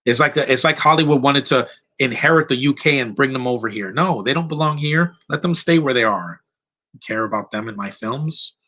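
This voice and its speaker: A man's voice: medium pitch, fairly quick, pushed and bright. A man giving casual live commentary over a movie, blunt and rambling, going off on tangents.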